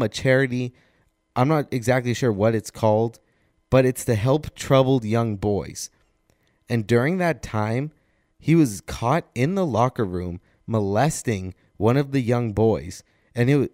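A young man hosts a college sports radio segment, speaking earnestly and steadily. His voice sits at a middle pitch and sounds close and dry, with no room around it. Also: dry recording. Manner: earnest and somber, steady delivery.

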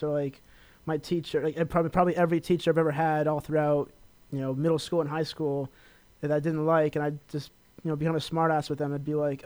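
A young man from Los Angeles hosts a college radio talk show in a rapid, chatty ramble full of fillers and self-promotion. His voice sits a bit higher than most men's. The sound is dry and close, with no room around it. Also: little pitch movement, darkish tone, no echo. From Los Angeles, California. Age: young adult. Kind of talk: casual solo radio talk.

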